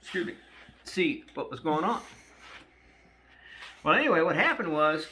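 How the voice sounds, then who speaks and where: A man's voice: a little high, sing-song, measured pace, sharp tone, slight background noise. An older man rambling through a personal story at home, full of fillers and swearing. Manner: rambling, profane, with many fillers. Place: a room at home. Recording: roomy echo, faint ambience.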